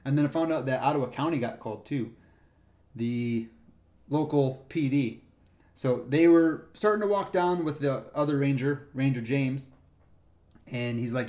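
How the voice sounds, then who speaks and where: A man with a mid-range voice chats casually, recounting stories from his work as a park ranger. He tells them in a lively way and plays out the voices of the people involved. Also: mid-range voice, moderate pace. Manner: animated retelling, acts out the people in his stories. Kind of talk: casual storytelling chat.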